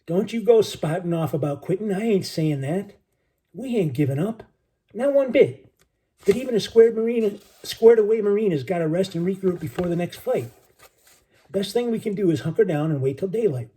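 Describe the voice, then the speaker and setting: A man's voice: high voice, expressive, normal speed, dark tone, husky, pitched above the performer's own voice. A man doing a weary New York Marine. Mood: weak reassuring. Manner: weak, near-whispering, folksy slang. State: exhausted. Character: worn-out young male Marine sailor, upbeat and folksy.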